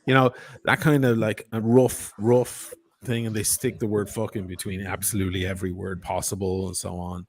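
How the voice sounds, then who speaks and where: A middle-aged Dublin man talks in a low, unhurried voice. His Irish accent has softened toward American. He tells stories loosely, drops swear words, and slips into imitations of other accents. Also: little pitch movement. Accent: Dublin Irish, softened by years in America. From Ireland. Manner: storyteller, swears freely, mimics accents. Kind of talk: casual chat.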